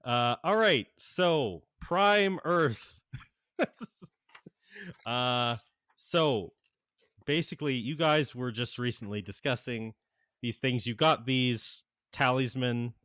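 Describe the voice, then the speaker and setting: A man narrating as game master of a tabletop game, halting and full of fillers and laughs. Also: mid-range voice, a bit bright, dry recording, studio quality.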